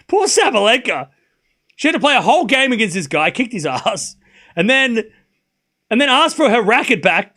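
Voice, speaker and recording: A man's voice: very high voice, sing-song, moderate pace, pauses often, bright, forceful tone. A man commentating a tennis match live on stream, chatty and incredulous, laughing often and talking to his chat.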